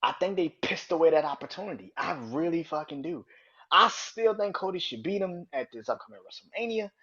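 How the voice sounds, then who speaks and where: A man's voice: expressive, brisk, husky. Profane, heated man ranting on a podcast. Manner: angry, profane, swings from loud outbursts to low muttering. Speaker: podcast host. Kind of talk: casual solo podcast rant. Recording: dull lo-fi sound.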